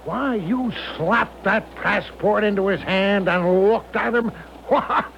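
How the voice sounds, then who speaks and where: An actor playing a smooth, blustering con-man major, coaxing and grandiose, in old-time radio acting. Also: high-pitched, slow, fairly bright tone, dull audio, a little hiss or hum, exaggerated voice.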